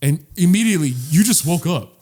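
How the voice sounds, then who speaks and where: A young man with a slightly high voice rambles through a story about himself, poking fun at his own antics and swearing as he goes. He stumbles and restarts often, like someone talking off the cuff with a friend. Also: expressive, a little fast, a little mellow. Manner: rambling storyteller, self-mocking, swears a lot, many restarts and laughs. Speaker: podcast co-host. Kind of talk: casual chat.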